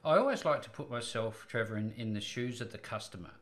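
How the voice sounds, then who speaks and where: A man hosting a business podcast, asking questions in a measured way and affirming his guest. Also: medium pitch, animated, fairly bright tone. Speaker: podcast host. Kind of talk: interview questions.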